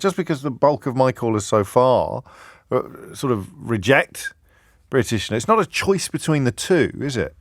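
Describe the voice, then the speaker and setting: A man's voice: medium pitch, animated, normal speed, dry recording, clean studio sound. A man from England hosting a live radio phone-in, thinking aloud and correcting himself as he talks to callers. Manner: musing aloud, restarts and self-corrections. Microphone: studio microphone.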